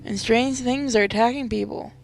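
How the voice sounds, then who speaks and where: A woman's voice: fairly high pitch, normal speed, gravelly, soft background music. A woman voicing a frightened, earnest young woman in a game, reading her lines with worried urgency. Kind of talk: reading game dialogue aloud.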